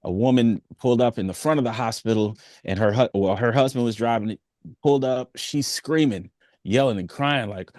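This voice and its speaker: A young adult man, a singer, chatting casually in an interview with an easygoing, animated manner. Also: fairly low pitch, fast, dry recording, clean studio sound. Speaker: singer, guest.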